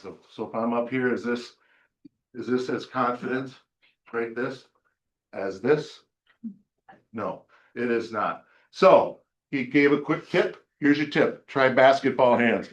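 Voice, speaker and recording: A man leading a team workshop in a meeting room, joking and energetic as he runs practice drills. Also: mid-range voice, highs cut off. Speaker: team leader coaching agents. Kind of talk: workshop coaching talk.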